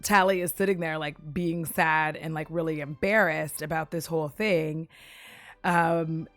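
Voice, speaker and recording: A woman's voice: deep voice, unhurried, dry recording. Woman, casual movie recap, swearing and giggling, dry close voice, faint music behind. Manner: profane, giggly, animated storytelling.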